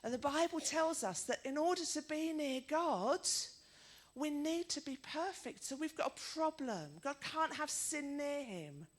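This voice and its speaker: A woman's voice: sits high, expressive, unhurried. A middle-aged woman preaching a sermon, telling stories in a chatty way and putting questions to her listeners.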